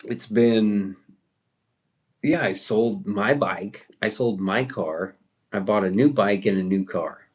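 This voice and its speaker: Brief: male streamer, low voice, profane rambling chat, reacting to the comments. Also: slow, husky. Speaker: livestream host. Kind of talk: casual livestream chat.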